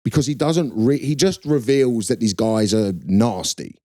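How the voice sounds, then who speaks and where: A man in his thirties co-hosting a casual comedy podcast, telling animated stories and slipping into mocking voices. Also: mid-range voice, normal speed, no echo, clean studio sound. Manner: animated storyteller, slips into mocking impressions. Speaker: podcast co-host.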